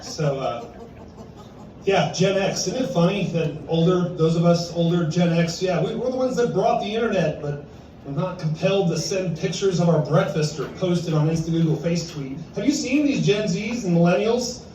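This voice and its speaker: Self-deprecating comic in an echoey room. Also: male voice, high voice, moderate pace, warm tone, a little hiss or hum. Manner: self-deprecating, chuckles at his own jokes. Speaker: stand-up comic at an open mic. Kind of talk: stand-up comedy set. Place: bar-restaurant room at an open mic. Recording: echoey room, distant and dull.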